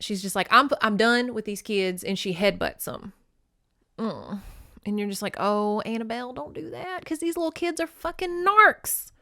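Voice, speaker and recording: A woman's voice: fairly high pitch, no echo, studio quality. A woman hosting a casual movie-recap podcast, chatty and emotional, swearing freely. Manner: chatty, swears, laughs and tears up. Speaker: podcast host.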